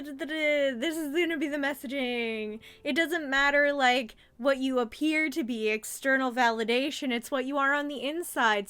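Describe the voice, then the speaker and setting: A chatty young adult woman gushes over a childhood cartoon she's reviewing, offering casual commentary packed with fillers. Her voice sits high with a fairly bright tone.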